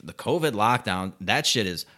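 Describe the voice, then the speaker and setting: A man's voice: fairly low pitch, lively intonation, moderate pace, bright, forceful tone. A young man ranting about politics in casual, profane talk, sarcastic and laughing between sentences. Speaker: political commentator.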